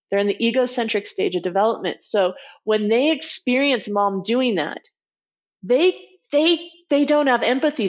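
A woman's voice: fairly high pitch, lo-fi sound. A woman guest on a podcast interview, explaining her ideas in an earnest, teaching way. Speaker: guest expert.

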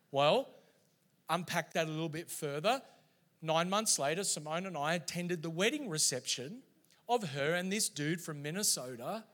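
A middle-aged man delivering a sermon, his voice high and bright. He tells stories with lively, animated energy. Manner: animated storytelling preacher. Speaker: pastor.

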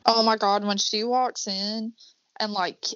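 A woman's voice: mid-range voice, fairly even intonation, a bit bright, no room sound, highs cut off. A woman co-hosting a podcast, gushing and emotional as she chats about a show. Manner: gushing and emotional, quick to agree. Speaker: podcast co-host. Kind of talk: casual chat recapping a TV show.

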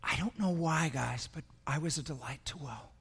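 A man's voice: a little high, moderate pace, fairly bright tone, breathy edge. Older man preaching earnestly in an echoey hall. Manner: earnest, emotional storytelling with repetitions. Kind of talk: sermon with personal story.

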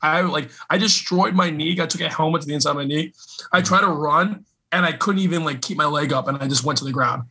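A man co-hosting a casual sports podcast, a former college football player who talks in an animated, emphatic, slangy way. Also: a little high, fast, slightly rough, low-quality recording.

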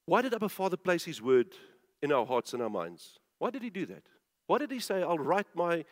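Emphatic high-voiced preacher in a reverberant hall. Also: male voice, huge pitch swings, fairly quick. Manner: emphatic, repeats phrases and asks questions. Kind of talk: sermon.

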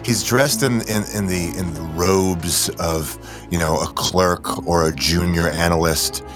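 A man's voice: low-pitched, steady tone, a little slow, music in the background. A man telling an improvised comic story, rambling and playfully conspiratorial, often stopping and restarting mid-sentence.

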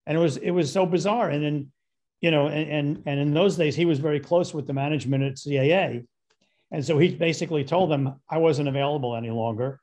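A man's voice: on the high side, a little fast, darkish tone. An older man, a guest director, telling a long rambling story and acting out the voices of the people in it.

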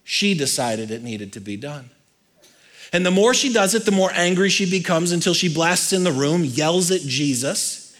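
A male pastor preaching a sermon in an animated, conversational way, swinging from loud to quiet. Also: a little high, moderate pace.

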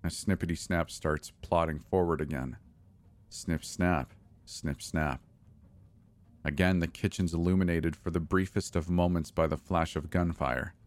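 Deep-voiced man narrating horror. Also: darkish tone. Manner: grim, measured first-person storytelling.

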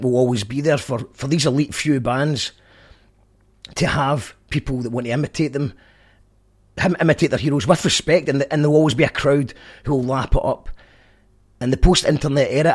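A man's voice: medium pitch, breathy edge. A Scottish man hosting a podcast, chatting casually in a rambling, jokey way. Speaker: podcast host. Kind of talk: casual monologue recap.

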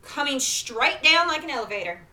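Bright-voiced chatty woman storyteller. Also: sits high, very animated, moderate pace. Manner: chatty storytelling with playful asides. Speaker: podcast co-host and storyteller. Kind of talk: casual chat.

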